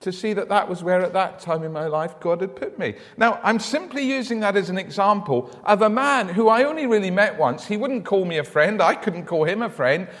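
A man's voice: sits high, fairly quick, hardly any pauses, fairly bright tone. A man preaching a sermon in a church, telling stories in an earnest way and often repeating words as he starts a thought. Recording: long church reverb.

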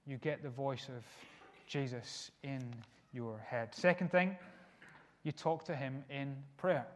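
A man's voice: medium pitch, slow, slight background noise. Earnest man preaching in a reverberant hall. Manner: earnest, shifts from soft hushed lines to emphatic rises. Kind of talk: sermon.

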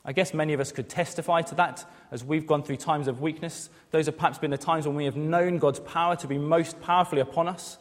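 A man's voice: a little high, fairly quick, few pauses. A man in his thirties preaching a sermon, earnest, asking rhetorical questions and acting out quoted voices. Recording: long hall reverb.

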